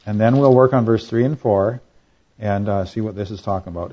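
A man preaching a Bible teaching, reading scripture at a measured pace, then explaining in a conversational way and often checking in with "all right?" and "okay?". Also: fairly low pitch, warm tone. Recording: slightly dull, lo-fi recording.

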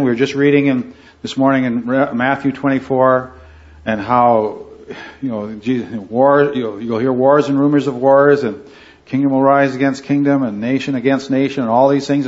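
A man's voice: mid-range voice, steady tone, normal speed. A man teaching a Bible study class to a group, earnestly checking in with "right?" and "okay" as he leads the discussion. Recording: dull lo-fi recording.

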